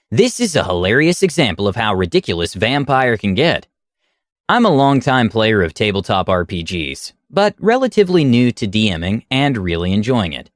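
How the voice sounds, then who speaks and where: Lively, wry male storyteller. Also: medium pitch, dry recording, studio quality. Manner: wry, deadpan asides. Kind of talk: reading a story aloud.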